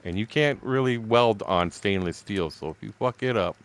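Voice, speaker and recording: A man's voice: fairly low pitch, normal speed. A man in his sixties telling stories casually while streaming a game. He is blunt, swears constantly and laughs between remarks. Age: 60s. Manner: blunt, heavily profane. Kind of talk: casual rambling storytelling.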